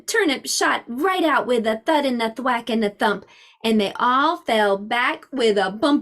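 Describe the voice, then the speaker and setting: A woman preschool teacher reading a storybook aloud to young children in an expressive, sing-song way. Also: fairly high pitch, measured pace.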